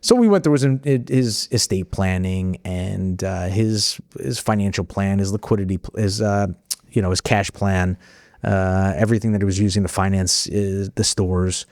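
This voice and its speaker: Low-voiced man telling a personal story. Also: moderate pace, no echo, clean studio sound. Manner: animated when acting out dialogue, frequent restarts. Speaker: guest. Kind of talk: conversational storytelling.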